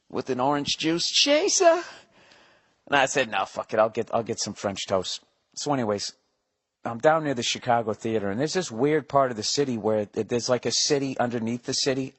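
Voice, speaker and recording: A man in his forties hosting a podcast, telling a profane comedic story solo, acting out voices in animated asides. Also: medium pitch. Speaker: podcast host.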